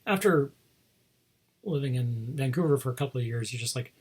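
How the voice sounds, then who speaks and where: A man's voice: mid-range voice, expressive, brisk, husky. A man hosting a casual chat about toy figures, rambling into asides and chuckling often. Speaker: host showing toy figures.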